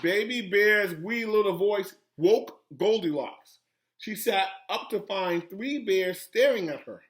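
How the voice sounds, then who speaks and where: A man, a school principal, reading a children's story aloud with animated, gasping, teacherly asides to young pupils. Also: high-pitched, takes it slowly.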